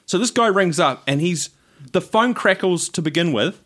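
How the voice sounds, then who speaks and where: Higher-voiced man telling a funny story. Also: expressive, normal speed, a bit bright. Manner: storytelling, laughs a lot, acts out calls. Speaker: podcast co-host. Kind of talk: casual chat.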